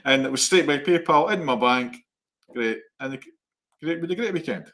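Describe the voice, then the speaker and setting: A man co-hosts a live online chat, spinning casual personal stories with animated energy. He acts out the other people's lines and often breaks into laughter. The sound is that of a home video call. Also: mid-range voice, a little fast. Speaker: co-host, psychic medium.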